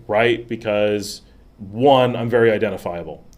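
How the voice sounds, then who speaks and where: Chatty low-voiced man hosting a livestream. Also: lively intonation, normal speed, a little mellow. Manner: rambling, chatty, frequent fillers and laughs. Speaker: vlog host. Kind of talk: casual livestream chat. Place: at home in the city.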